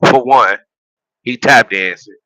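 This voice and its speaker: Bright, dry-voiced man ranting about football. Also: mid-range voice, slow pace, no room sound, rough recording. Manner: animated, profane, laughs at his own jokes; repeats phrases and restarts while building a point. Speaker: sports vlogger and football fan. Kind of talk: casual sports rant.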